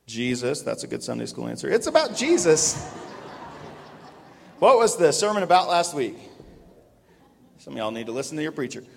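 A man preaching a sermon to his congregation, at times breaking into a loud shouted drill cadence. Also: medium pitch, expressive, brisk, gravelly, big-room sound. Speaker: pastor. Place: church sanctuary.

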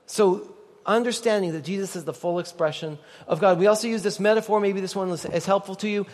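High-voiced pastor in a hall. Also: male voice, brisk. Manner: conversational, joking with the congregation. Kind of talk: sermon. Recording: long reverb of a large hall.

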